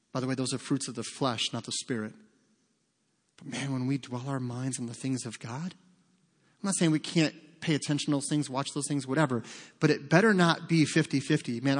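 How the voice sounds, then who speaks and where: A male pastor delivers his sermon in an earnest, conversational way, slipping into casual asides along the way. His voice sits at a middling pitch for a man. The sound carries a long reverb tail from a large church hall. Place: church sanctuary.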